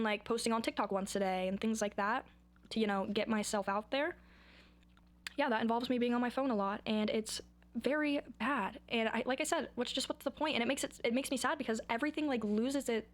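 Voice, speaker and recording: Young female vlogger, a bit high-pitched, rambling and silly to camera. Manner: rambling, goofy, self-mocking. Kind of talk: casual chat to camera.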